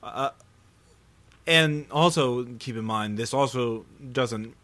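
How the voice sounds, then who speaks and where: A man's voice: medium pitch, slow, fairly bright tone. A man co-hosting a podcast, chatting casually and a bit pedantically about tabletop role-playing games. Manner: pedantic, chatty, laughs easily. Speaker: podcast co-host.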